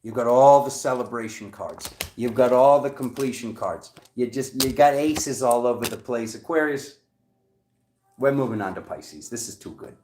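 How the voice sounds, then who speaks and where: A man giving a casual, animated tarot reading for each zodiac sign as the channel's host. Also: moderate pace, slight background noise. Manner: animated, excitable, jumps high in pitch. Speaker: tarot reader.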